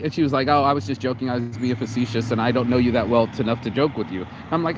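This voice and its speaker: A man's voice: medium pitch, fast, few pauses. American guy vlogging outside in the cold on his phone, rambly and sweary, keeps restarting, little bit of street noise. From United States. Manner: rambling, profane, repeats words and restarts. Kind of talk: casual vlog monologue. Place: outdoors on a cold day.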